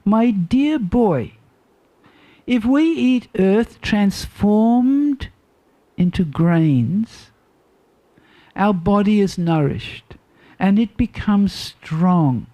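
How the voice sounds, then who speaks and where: An older woman voicing a worried mother who scolds her small son slowly and earnestly. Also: medium pitch, animated, warm tone. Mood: admonishing. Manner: slow, earnest, admonishing.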